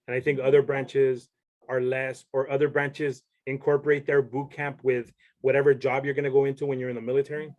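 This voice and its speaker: A man's voice: mid-range voice, level tone, fairly quick, darkish tone, highs cut off. Man telling a story in a rambling way. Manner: rambling with many restarts. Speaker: podcast guest. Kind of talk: casual storytelling.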